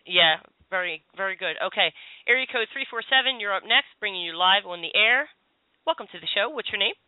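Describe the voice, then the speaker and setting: A woman's voice: medium pitch, animated, a little fast, dry recording. A woman hosting a call-in radio show as a psychic, chatty and reassuring. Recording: tinny phone-line radio sound.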